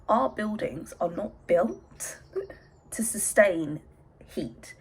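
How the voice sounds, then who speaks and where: A woman's voice: medium pitch, animated, drawn-out words, slight background noise, low-quality recording. A young English woman chatting in a rambling vlog from her bedroom, out of breath with hay fever. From England. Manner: chatty, rambling, self-interrupting. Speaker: vlogger. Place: bedroom at home.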